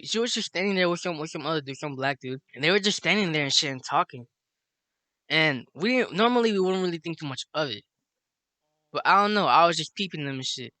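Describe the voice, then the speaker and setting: A man's voice: a little high, sharp tone, no echo. A young man from Chicago telling a rambling, profanity-laden story in a casual monologue, laughing at his own tale.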